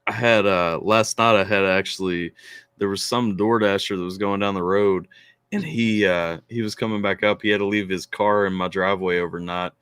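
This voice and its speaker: A man hosting a casual remote chat, talking in a rambling, animated way with lots of restarts. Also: deep voice, normal speed, clean tone, no echo. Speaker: podcast host.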